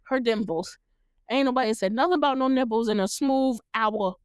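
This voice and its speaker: A woman's voice: on the high side, moderate pace, clear, resonant tone, no echo, studio quality. A woman from the United States, hosting a casual podcast, recapping a TV show, laughing often and acting out the characters' lines. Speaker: podcast host.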